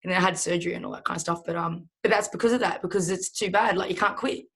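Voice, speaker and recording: A woman's voice: on the low side, very fast, fairly bright tone, husky. A young adult woman with an Australian accent, a professional boxer talking casually in an interview, rambling and swearing freely.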